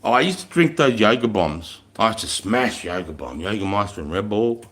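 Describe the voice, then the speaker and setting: A man's voice: fairly low pitch, expressive, moderate pace, fairly bright tone. A middle-aged man with an Australian accent, telling rambling stories in a frank, heavy-swearing casual chat on a live stream. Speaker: military veteran hosting a live stream.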